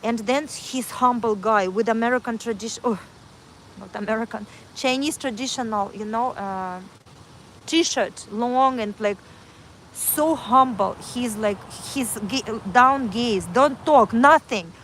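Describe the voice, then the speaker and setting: A woman's voice: on the high side, measured pace, fairly bright tone, slight background noise, low-quality recording. A woman telling a personal story on a livestream in earnest, repetitive, broken English, speaking into a phone. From Kazakhstan.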